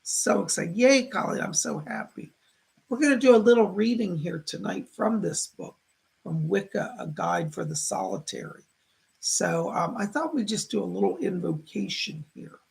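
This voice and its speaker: Gravelly-voiced man hosting a chatty livestream. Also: high voice, normal speed. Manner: chatty and effusive, greets viewers by name and reads their comments. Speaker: psychic livestream host. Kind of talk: casual live-stream chat.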